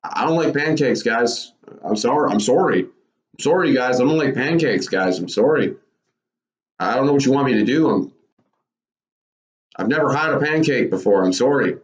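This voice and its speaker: Guy putting on a whiny sorry-sorry voice, higher than his own, echoey dull room. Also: animated, normal speed, pauses often, close to an everyday voice. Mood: apologetic. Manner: whiny, repeated apologies. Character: sheepish apologetic grown man refusing pancakes. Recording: roomy, dull lo-fi.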